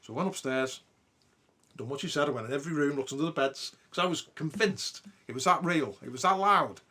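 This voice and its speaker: Bright-voiced, sweary storyteller. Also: male voice, fairly high pitch, brisk. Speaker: podcast host. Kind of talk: casual storytelling chat.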